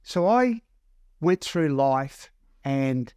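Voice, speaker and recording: An Australian man working as a counsellor, telling a personal story in an earnest, halting way that repeats words as he goes. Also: medium pitch, dry recording. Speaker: counsellor and mentor. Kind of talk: personal story told to camera.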